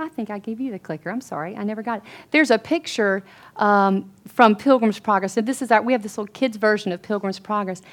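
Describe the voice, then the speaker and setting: A woman giving an earnest, conversational sermon to a Bible study group, chatting through restarts and fillers. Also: medium pitch. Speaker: women's Bible study speaker.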